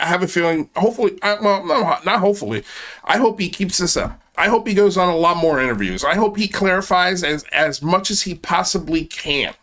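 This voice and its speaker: A man's voice: on the high side, sharp tone. A man hosting a commentary channel, speaking in sarcastic, mocking asides with exaggerated exclamations. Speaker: channel host.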